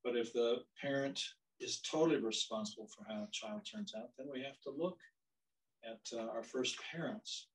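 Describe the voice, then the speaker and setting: A man's voice: mid-range voice, normal speed, far from the mic, poor audio. An older man teaching a church counseling class, telling stories in a conversational way with frequent restarts. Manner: warm conversational storytelling with many restarts.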